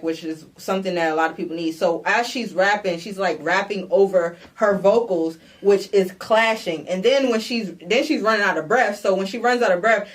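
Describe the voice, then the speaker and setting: A woman co-hosting a music podcast, giving casual slangy advice to artists in an animated way. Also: medium pitch. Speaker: podcast co-host.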